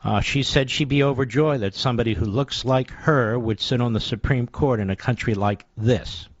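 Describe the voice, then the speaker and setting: A man's voice: medium pitch, moderate pace, no echo, highs cut off. A male radio talk show host delivering a combative, sarcastic political monologue in short punchy phrases.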